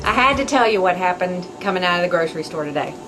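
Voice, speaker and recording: A woman hosting a podcast, telling a story in a chatty, animated way with asides. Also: lowish voice, quick pace, soft background music, low-quality recording. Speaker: podcast host. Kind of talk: casual storytelling monologue.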